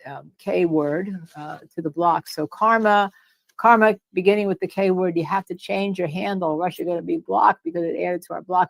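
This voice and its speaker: A woman with a strong New Jersey accent hosts a casual livestream, her voice low and gravelly. She talks in an animated, repetitive way and reads chat comments aloud. The sound is dry and close, with no room echo. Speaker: livestream co-host discussing a court case.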